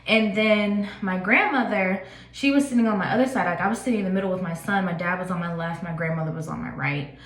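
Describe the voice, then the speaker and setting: A woman's voice: medium pitch, quick pace. A woman in her twenties telling a personal story in a casual, chatty vlog, with lots of "like" and fillers. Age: 20s. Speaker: vlogger. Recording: echoey room.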